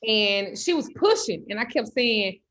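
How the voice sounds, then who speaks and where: Woman, high voice, animated, profane, comedic storytelling. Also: a little slow. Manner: animated, loud, cursing freely. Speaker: host.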